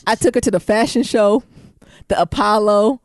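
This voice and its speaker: A young adult woman co-hosting a podcast, telling profane stories in a casual, animated way and acting out quotes. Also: medium pitch, moderate pace, no room sound, studio quality. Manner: laughs often while talking. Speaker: podcast co-host. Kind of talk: casual storytelling chat.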